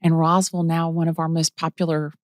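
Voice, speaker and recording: A middle-aged woman from the Atlanta area, a real estate agent telling her story in a casual interview, bubbly and animated, acting out quotes. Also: deep voice, brisk, dry recording, clean studio sound.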